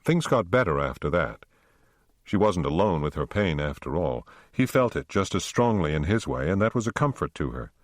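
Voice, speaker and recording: A male audiobook narrator with a very deep, low voice, telling the story steadily and without hurry. The sound is close and bone-dry, with no room around it. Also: very animated, normal speed, no echo.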